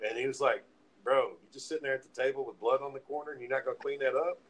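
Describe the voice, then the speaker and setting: A man's voice: mid-range voice, very fast, rough recording. A man casually telling friends a wild party story, swearing freely and acting out what everyone said. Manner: profane, animated retelling with acted-out quotes.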